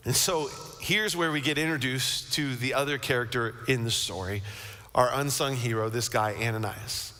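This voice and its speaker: Bright-voiced pastor preaching in a reverberant church. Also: male voice, mid-range voice, moderate pace. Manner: animated storytelling with frequent restarts and repeated words. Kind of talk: sermon. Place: church sanctuary. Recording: long church hall reverb.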